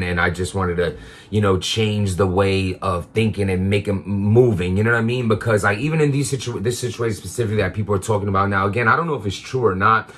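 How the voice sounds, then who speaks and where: A man's voice: lowish voice, a bit bright. A man talking in a casual confessional monologue, rambling with lots of fillers and restarts. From Queens, New York. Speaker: vlogger.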